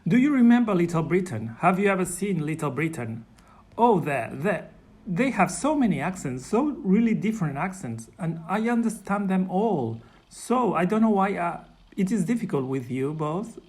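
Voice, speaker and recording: Hesitant man with a higher voice. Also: big pitch swings, normal speed, a little mellow. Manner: hesitant, repeats words, polite requests. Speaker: listener asking for feedback. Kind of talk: casual chat.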